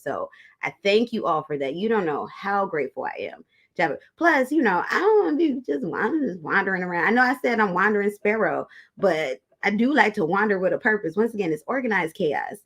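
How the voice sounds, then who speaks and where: A woman's voice: mid-range voice, very animated, brisk, a bit bright. A woman hosting a tarot livestream, chatting casually with her viewers and calling them y'all. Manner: chatty, talks straight to viewers as y'all, reads comments aloud.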